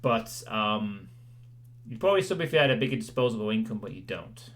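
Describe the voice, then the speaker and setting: A man's voice: fairly low pitch, big pitch swings, a little fast, fairly bright tone. A male streamer chatting casually with his audience, rambling and self-deprecating, with lots of "you know"s. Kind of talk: casual chat with a livestream audience.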